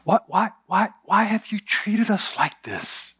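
A woman's voice: mid-range voice, animated, takes it slowly, fairly bright tone, husky, dry recording, clean studio sound, voice pushed up, exaggerated voice. A man preaching acts out a worried mother scolding her missing son, stammering and repeating herself in exasperation. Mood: exasperated.

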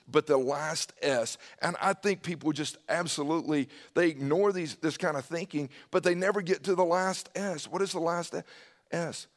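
A male preacher with a fairly high voice delivers an animated sermon. He swings from loud, emphatic bursts to hushed, quiet asides. He calls out to listeners by name as he goes. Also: normal speed. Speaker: pastor.

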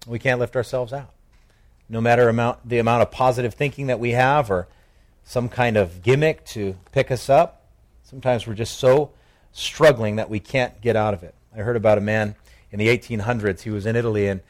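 A man's voice: medium pitch, fairly quick. A male pastor preaching an earnest sermon on a psalm, asking his congregation questions.

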